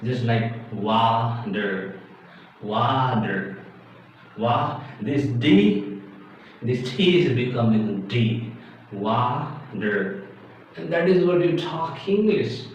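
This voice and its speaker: Excitable man teaching accent in an echoey room. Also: mid-range voice, slow. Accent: Indian. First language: Indian language. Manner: exclamatory, acts out confused learners. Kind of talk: animated video lesson. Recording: echoey, distant, dull lo-fi with faint hiss.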